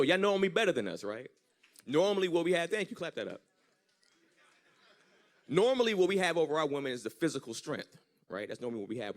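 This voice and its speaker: A young man performing a stand-up comedy set on a church stage, telling stories with animated delivery and squeaky impressions of his girlfriend. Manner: animated storytelling with high-pitched impressions.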